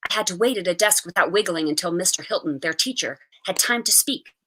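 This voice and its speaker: A woman reading a short story aloud with an expressive, animated delivery. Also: on the low side, brisk, husky. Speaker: reader.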